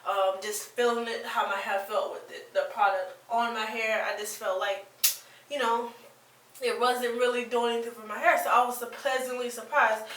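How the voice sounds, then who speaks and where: A woman's voice: a little high, steady tone, normal speed, a bit bright, reverberant, distant mic, low-quality recording. A woman vlogger giving a casual, rambling product review with plenty of fillers and restarts. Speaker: beauty vlogger.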